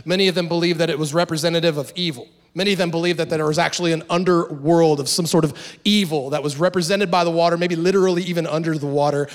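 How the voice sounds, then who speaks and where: High-voiced man preaching a lively sermon. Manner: animated, conversational preaching with dramatic pauses. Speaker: pastor.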